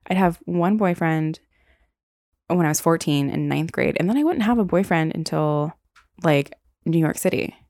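Gravelly, low-voiced young woman rambling. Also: darkish tone, no room sound, studio quality. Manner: rambling, heavy use of "like", candid and profane. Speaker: podcast host. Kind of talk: casual storytelling.

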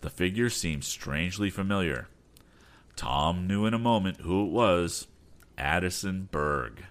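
Male audiobook narrator, very low voice, lively expressive reading, soft music bed. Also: measured pace. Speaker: audiobook narrator and podcast host. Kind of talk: storybook narration. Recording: faint background music.

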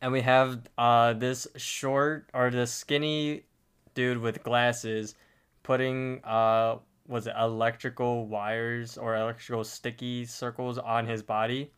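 A man's voice: mid-range voice, level tone, takes it slowly, a bit bright, smooth. A man hosting a podcast, recapping a cartoon episode in casual chat. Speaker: podcast host.

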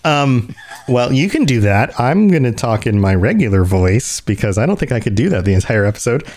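A man's voice: medium pitch, sing-song, fairly quick, a little mellow. Rambling male podcast host. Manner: rambling, thinking aloud with restarts. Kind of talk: casual podcast discussion.

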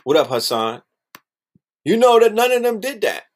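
Animated slangy man, high-pitched. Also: moderate pace. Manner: animated, slangy, repeats phrases, mocking voices. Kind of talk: casual monologue.

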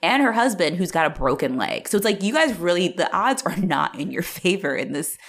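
A woman with a low, grounded voice talks through a film in relaxed, casual conversation. She is chatty and animated, scattering filler words as she retells scenes. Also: fairly quick.

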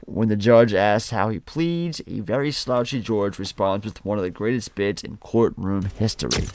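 A man's voice: medium pitch, darkish tone, dry recording. Male host, mid-range voice, dry booth sound, casual recapper. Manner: recaps scenes, swears casually. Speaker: podcast host. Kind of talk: casual film podcast chat.

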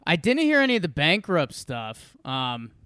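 Smooth, animated young man telling stories. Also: fairly high pitch, dry recording. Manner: animated storyteller, jokey, quick asides. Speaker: podcast co-host. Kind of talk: casual chat.

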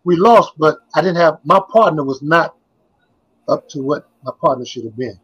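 A man's voice: on the high side, animated, normal speed, a bit bright, husky, dull audio. An older man, a former basketball player, reminiscing as a guest in a casual interview, telling his stories in a rambling, repetitive way.

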